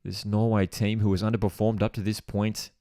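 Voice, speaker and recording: A man hosting a live football watchalong, reacting to goals with excitement and chatting to viewers as he reads their comments aloud. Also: fairly low pitch, a little fast, no room sound, clean studio sound.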